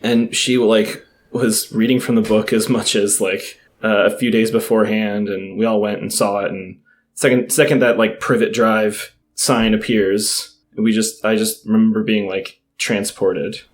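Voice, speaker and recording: Man, podcast guest, earnest rambler with a lowish voice. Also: little pitch movement, measured pace. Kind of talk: casual chat.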